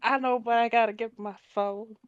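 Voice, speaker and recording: A woman's voice: on the high side, fairly even intonation, normal speed. A woman playing in a tabletop game, giving short, anxious replies in character. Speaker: player. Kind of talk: tabletop role-play. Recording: dry dull mic.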